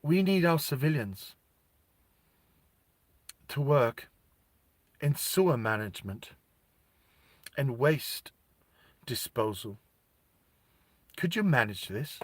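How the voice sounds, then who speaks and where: A man voicing a cold, snarky male humanoid official in a told story, with slow, measured, flat delivery. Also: medium pitch, no room sound.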